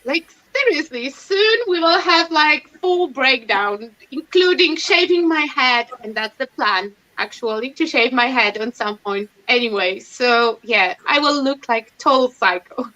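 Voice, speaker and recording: High, bright woman chatting on a stream. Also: lively intonation, unhurried. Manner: chatty, self-mocking, laughs often. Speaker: livestream host. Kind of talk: casual chat. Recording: dull lo-fi stream audio.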